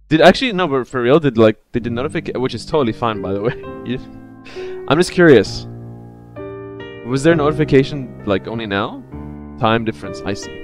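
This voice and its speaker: Animated streamer with a Cypriot accent. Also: male voice, mid-range voice, normal speed, long pauses, faint music behind. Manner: animated, jokey, chatting with viewers. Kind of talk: casual live-stream chat.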